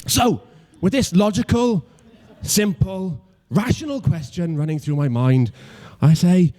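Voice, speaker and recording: Young Welsh man on stand-up, mellow voice sitting a bit high, self-mocking, trips over his words. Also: measured pace, few pauses. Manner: self-deprecating, stammering restarts, mock-logical. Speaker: stand-up comedian. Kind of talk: stand-up comedy routine.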